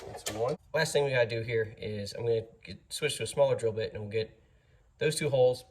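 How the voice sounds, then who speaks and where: A man's voice: mid-range voice, a little fast. A man hosting a casual DIY workshop how-to, chatty and easygoing, joking at his own mistakes as he works in a home garage. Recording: noisy workshop audio.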